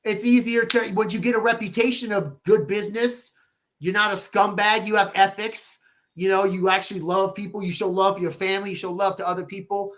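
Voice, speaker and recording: A man telling stories as a podcast guest, animated and swearing freely, quoting people in lively voices. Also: sits high, brisk. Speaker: podcast guest, real estate agent. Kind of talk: casual podcast interview.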